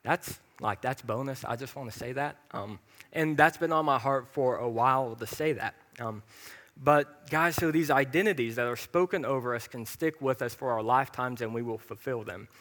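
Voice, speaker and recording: A man's voice: mid-range voice, normal speed, fairly bright tone. A young man preaching a sermon in a church, chatty and self-deprecating, with sudden emphatic bursts. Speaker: pastor. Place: church hall. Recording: church hall with long reverb.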